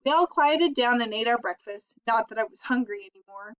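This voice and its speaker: A woman narrating a children's chapter book aloud in a lively, expressive way. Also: on the high side, a little fast, clean tone. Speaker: audiobook reader. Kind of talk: storybook narration. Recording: dull lo-fi recording.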